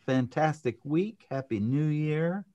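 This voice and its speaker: A man co-hosting a live podcast in casual chat, upbeat and quick to laugh. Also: fairly high pitch, lively intonation, mellow, highs cut off. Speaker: podcast co-host.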